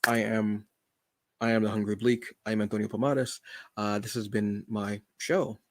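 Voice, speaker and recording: A man's voice: on the low side, flat delivery, normal speed, a little hiss or hum. A man hosting his own livestream, chatting casually in a rambling, self-deprecating way. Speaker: channel host.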